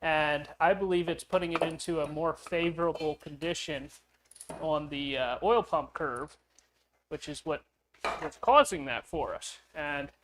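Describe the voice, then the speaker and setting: A man's voice: fairly high pitch, unhurried, a bit bright, a little hiss or hum, low-quality recording. A man hosting a car-building video, telling a story casually with lots of fillers and chuckles. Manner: rambling, with frequent fillers and chuckles.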